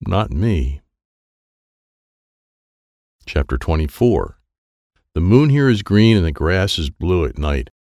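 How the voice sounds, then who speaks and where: A man's voice: low-pitched, very animated, takes it slowly, pauses often, darkish tone, no echo, studio quality. A man reading a children's book aloud in first person, in plain short sentences. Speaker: audiobook narrator.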